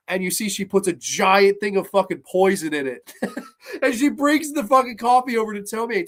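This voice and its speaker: Man, high voice, lively film recap, profane, acts out scenes. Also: brisk. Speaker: horror podcast host. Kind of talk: casual film review.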